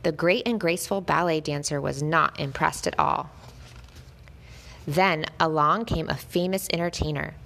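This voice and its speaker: A woman reads a children's picture book aloud in a gentle, expressive way. Her voice sits on the lower side, and a gravelly fry runs through it. She brightens her tone whenever the tale turns lively. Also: moderate pace, slight background noise. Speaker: storyteller. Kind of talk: children's story read-aloud.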